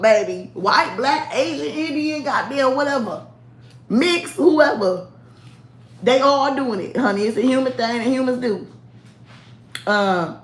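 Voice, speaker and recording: A woman's voice: high-pitched, lively intonation, slow, long pauses. A woman chatting casually to camera, sassy and candid, laughing often. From United States. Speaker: vlogger. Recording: echoey room.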